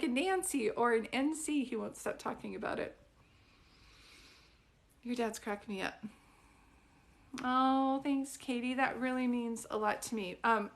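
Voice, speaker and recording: A woman giving psychic readings on a livestream, soft and soothing, calling people sweetie and honey, often restarting her sentences. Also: on the high side. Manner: rambling, restarts mid-sentence. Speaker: psychic medium doing live readings.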